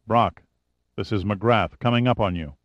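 A man's voice: on the low side, unhurried, dry recording, muffled recording, natural voice. A man voicing a male federal agent who talks in short, clipped radio phrases. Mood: urgent. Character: male federal agent, steady then shaken.

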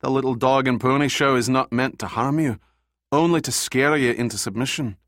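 Guy doing a worn-out sardonic doctor, flat and dry, mid voice. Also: mid-range voice, brisk, no echo, close to an everyday voice. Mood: weary. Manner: tired and dryly sardonic. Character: weary, darkly humorous male doctor.

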